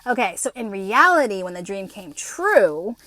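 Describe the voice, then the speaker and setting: A woman's voice: medium pitch, normal speed, no echo. A woman in her fifties hosting her own podcast, telling a rambling story with lots of swearing and acted-out dialogue. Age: 50s. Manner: swearing, animated, acts out her own and others' lines. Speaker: podcast host. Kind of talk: casual storytelling monologue.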